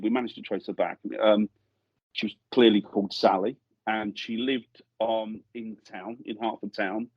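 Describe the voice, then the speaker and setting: Lowish and breathy-edged, this middle-aged English guest's voice comes through muffled, with no echo. He rambles through ghost-hunting tales in a podcast studio interview, repeatedly starting his sentences over.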